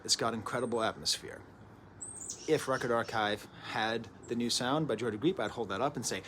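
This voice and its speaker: A man's voice: medium pitch, a bit bright, a little hiss or hum. A man in his thirties hosting a casual spoken record review at home, chatty and digressive, with many asides. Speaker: host of a music review show. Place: at home early in the morning.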